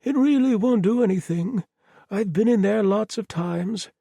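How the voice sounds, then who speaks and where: A chirpy, polite murderer. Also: male voice, high-pitched, unhurried, creaky, mellow, dry recording, studio quality, pitched above the performer's own voice, full character voice. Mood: cheerfully apologetic. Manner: chirpy, apologetic, oddly reasonable. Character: cheerful, polite, remorseless male murderer. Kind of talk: audiobook character voice.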